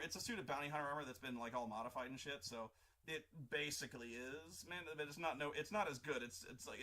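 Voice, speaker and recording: A man hosting an art livestream, casually telling a profane, animated tabletop game story in a stop-start way. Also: mid-range voice. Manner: animated, profane, full of restarts and acted-out voices. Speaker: artist livestream host.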